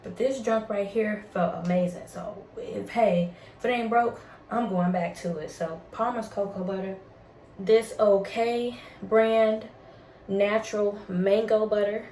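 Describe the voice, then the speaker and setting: Woman, chatty vlogger, mellow tone, echoey home room. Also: mid-range voice, steady tone, measured pace, a little hiss or hum. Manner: chatty and upbeat, uses Southern US slang. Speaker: beauty vlogger. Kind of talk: casual chat with devotional talk. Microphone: ring light setup at home.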